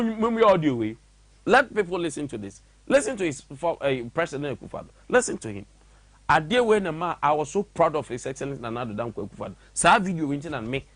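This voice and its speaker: A man's voice: fairly high pitch, a bit bright, dry recording. A man with a Ghanaian accent hosting a radio show, reading a letter aloud and interjecting with mocking commentary. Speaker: radio host. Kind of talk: commentary mixing English and Twi. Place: radio studio.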